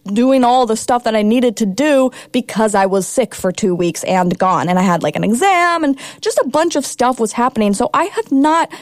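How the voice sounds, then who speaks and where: A woman's voice: fairly high pitch, normal speed, hardly any pauses, no echo. A young woman in her twenties hosting her college radio show, talking in a bubbly, emotional, rambling way. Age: 20s. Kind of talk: casual radio talk. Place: radio studio.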